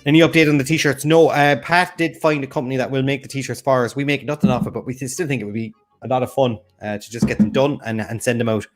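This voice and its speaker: A man's voice: mid-range voice, fairly even intonation. A man co-hosting a music quiz stream, bantering and teasing in a casual chat. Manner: joking, teasing, quick asides. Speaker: quiz show co-host.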